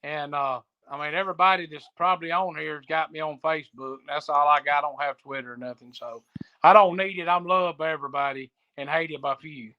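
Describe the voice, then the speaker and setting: Defensive guest on a dull line. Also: male voice, on the high side, fairly even intonation, brisk. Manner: defensive, plain country talk. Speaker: wrestling announcer guest. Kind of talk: casual show banter.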